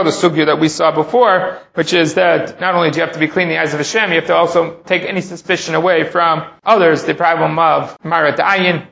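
Man, Talmud teacher, reads the text and translates as he goes; gravelly, dull lo-fi recording. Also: fairly high pitch, fairly bright tone, roomy sound. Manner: reads Hebrew passages, then translates and explains. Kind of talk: text-study lesson.

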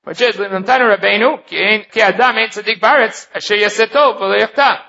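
A man teaching Talmud, reading each line of the text and then explaining it in English. His voice sits high and bright, with a gravelly edge. The recording sounds dull and lo-fi. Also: brisk. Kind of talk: Talmud lesson.

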